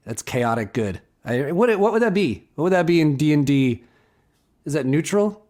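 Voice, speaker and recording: A man co-hosting a casual comedy chat show, playful and quick to laugh. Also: a little high, very animated, darkish tone. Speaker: co-host.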